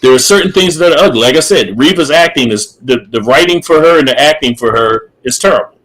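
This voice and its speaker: A man's voice: medium pitch, lively intonation, fast, fairly bright tone, low-quality recording. A middle-aged man co-hosting a casual podcast chat, opinionated, repeating himself and laughing often. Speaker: podcast co-host.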